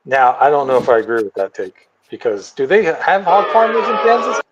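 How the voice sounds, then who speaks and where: A man's voice: mid-range voice, very animated, brisk, lo-fi sound, noisy background. Easygoing man in podcast chat. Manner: easygoing, hesitant, restarts sentences. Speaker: podcast co-host. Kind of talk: casual podcast banter.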